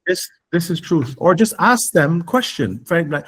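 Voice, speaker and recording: A man's voice: fairly high pitch, big pitch swings, a little slow, a bit bright, breathy edge. A man speaking as an interview guest, emphatic and insistent, often repeating words as he presses a point and acting out imagined questions. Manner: acts out imagined questions in a raised voice. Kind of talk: interview conversation.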